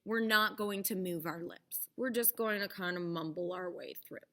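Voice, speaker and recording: A young adult woman teaching theater to children, encouraging and speaking with clear enunciation. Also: on the low side, moderate pace, bright, forceful tone. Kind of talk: children's lesson.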